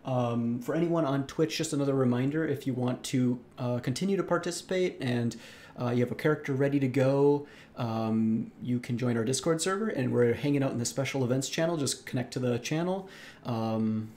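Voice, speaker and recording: A man's voice: medium pitch, fairly quick, a little mellow. A man co-hosting a live stream, casually making announcements with plenty of fillers. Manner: loose, filler-heavy announcements. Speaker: event co-host on a stream.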